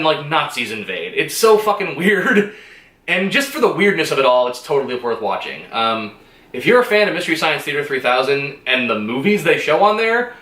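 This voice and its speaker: A man's voice: medium pitch, sharp tone. Enthusiastic rambling man, echoey room. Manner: rambling and enthusiastic, swears a lot, laughs often. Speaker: movie reviewer. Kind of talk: casual spoken movie review.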